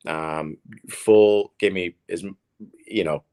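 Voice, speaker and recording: A man in his thirties with a deep, low voice, guesting in a relaxed interview. He is from Oklahoma and tells his stories in a rambling way, full of fillers and restarted words. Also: slow pace. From Oklahoma, USA. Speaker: guest, professional tennis player. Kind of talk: casual storytelling interview.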